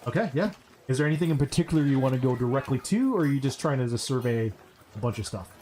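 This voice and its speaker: A man's voice: mid-range voice, expressive, quick pace, dark tone. A man narrating as game master of a tabletop role-playing game, in a loose, rambling way full of fillers.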